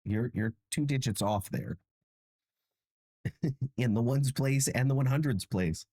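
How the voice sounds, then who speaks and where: A man's voice: medium pitch, slow pace, warm tone, no echo, studio quality. A tired young man hosting a livestream, chatting casually with viewers in a self-mocking way and laughing often. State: tired and achy. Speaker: livestream host.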